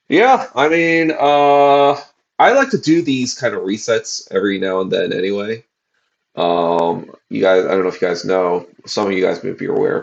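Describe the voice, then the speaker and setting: A man in his forties, a podcast host, rambling casually on a livestream with lots of profanity and fillers, tired from fasting. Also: fairly low pitch, vocal fry, dull audio. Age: 40s.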